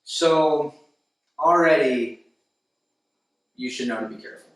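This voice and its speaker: A man's voice: on the high side, measured pace, a bit bright. A young man hosting a casual comedic film review, talking in a loose, rambling way with many fillers. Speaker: host. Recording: very echoey room, distant mic.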